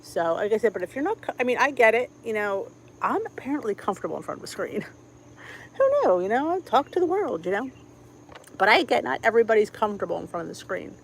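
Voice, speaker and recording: A woman's voice: mid-range voice, big pitch swings, fairly quick, gravelly, a little hiss or hum, low-quality recording. A middle-aged woman with a Philadelphia accent, chatting casually on a live stream from home and greeting viewers by name. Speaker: cooking channel host.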